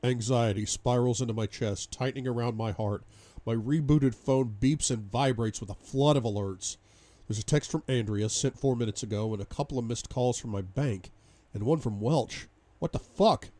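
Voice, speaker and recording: A man reading a novel aloud in first person, dramatic, moving between hushed despair and loud outbursts. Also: mid-range voice, moderate pace, few pauses. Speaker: audiobook reader.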